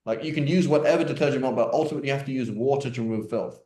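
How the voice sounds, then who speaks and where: A man's voice: mid-range voice, rapid-fire, warm tone. Man teaching casually in a roomy echo. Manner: chatty, joking, many fillers and restarts. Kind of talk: casual online Q&A class.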